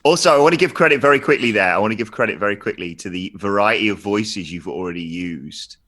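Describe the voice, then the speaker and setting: A man with a low voice that is still very bright and forceful, chatting casually on a tabletop podcast. He rambles along enthusiastically. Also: quick pace.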